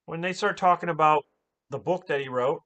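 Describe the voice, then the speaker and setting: A man recapping a movie in a casual, animated way, exclaiming often and swearing a lot. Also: a little high, fairly quick. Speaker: movie reviewer.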